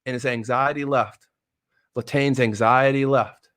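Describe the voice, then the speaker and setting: A middle-aged motivational speaker gets excitable and emotional, repeating phrases for emphasis as he swings from quiet, low stresses to loud, excited bursts. He keeps a measured pace with a smooth sound. The recording is studio quality with no room sound.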